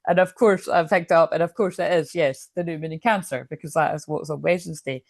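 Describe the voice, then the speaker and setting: A woman's voice: deep voice, fairly even intonation, a little fast, no echo, studio quality. A woman with a Scottish accent giving a rambling, chatty tarot reading to her viewers from her room at home, swearing freely as she talks. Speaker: tarot card reader.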